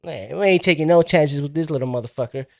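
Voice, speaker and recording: A man's voice: fairly high pitch, quick pace, gravelly. A man co-hosting a podcast, retelling horror movie scenes in loose, profane slang and acting out the characters' lines. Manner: rambling, slangy, acts out quotes in raised voice. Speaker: podcast co-host. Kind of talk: casual profane chat.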